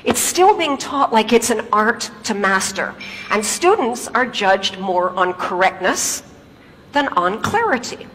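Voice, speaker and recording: A woman's voice: fairly high pitch, a little slow, slight background noise. Woman speaker in a reverberant hall. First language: English. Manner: lively storytelling, rhetorical questions to the audience. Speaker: public speaker. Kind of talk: stage talk.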